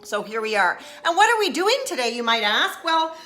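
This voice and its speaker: Woman host, casual live-stream chat, high and bright, playful, echoey kitchen. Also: big pitch swings, normal speed, faint music behind. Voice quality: playful, chatty, greets viewers by name. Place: home kitchen.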